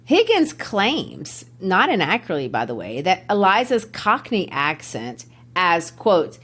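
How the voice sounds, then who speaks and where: Lady from chatting about books on a podcast, kinda low voice, explains stuff easy. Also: huge pitch swings, unhurried, fairly bright tone, breathy edge. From Tennessee, USA. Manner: conversational, explanatory, quotes passages. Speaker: podcast co-host. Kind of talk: casual literary discussion.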